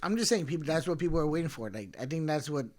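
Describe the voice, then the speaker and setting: A man's voice: fairly high pitch, lively intonation, very fast, a little mellow. Laid-back young guy who says dude. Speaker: podcast co-host. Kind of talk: casual chat.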